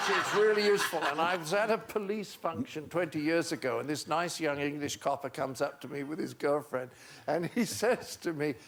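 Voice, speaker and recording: Older guy telling stories on a talk show, kinda high voice, chuckles a lot. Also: moderate pace. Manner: animated storyteller, chuckling, acts out voices. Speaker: guest. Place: TV studio with audience.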